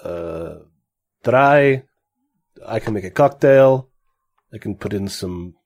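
A man voicing a calm, offhand woman bartender in a tabletop game, talking in a flat, quiet way. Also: lowish voice, slow, highs cut off, full character voice.

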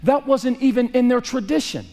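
A man preaching a sermon, swinging from raised emphasis to hushed, quiet lines. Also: very high-pitched, normal speed, long reverb tail. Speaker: pastor.

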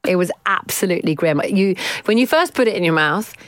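A woman's voice: on the low side, expressive, no room sound. Chatty woman, dry close sound. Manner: chatty storyteller, self-mocking, quick to laugh. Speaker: podcast co-host. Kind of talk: casual chat.

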